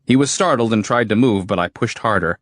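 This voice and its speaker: A man narrating a first-person horror audiobook in a steady, terse storytelling manner, recorded close on a studio mic. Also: lowish voice, a little fast, no room sound.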